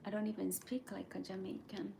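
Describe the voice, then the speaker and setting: A woman hosting her channel in a casual motivational chat, reading viewer comments and often checking in with "right?" in a soft, breathy near-whisper. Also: mid-range voice, flat delivery, a little fast, noisy background. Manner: earnest, repeats "right?" and "okay?" to check in with viewers. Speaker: channel host.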